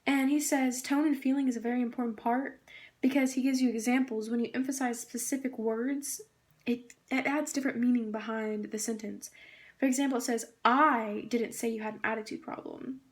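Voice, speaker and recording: A woman's voice: fairly high pitch, steady tone, brisk, a little mellow. A young woman giving a casual presentation on a book, reading quotes aloud and gushing with many fillers. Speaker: student presenter.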